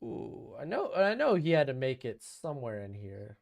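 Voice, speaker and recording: A man's voice: mid-range voice, huge pitch swings, normal speed, creaky, darkish tone. A young man hosting a live stream, casually commenting on draft picks and answering his chat. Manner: chatty, answers chat questions, offhand opinions.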